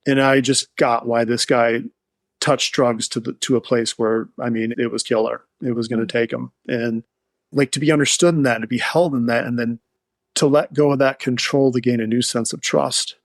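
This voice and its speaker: A man's voice: mid-range voice, fairly even intonation, moderate pace, no room sound. A man being interviewed, telling a client's recovery story in an earnest, heartfelt, rambling way. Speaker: addiction therapist, guest.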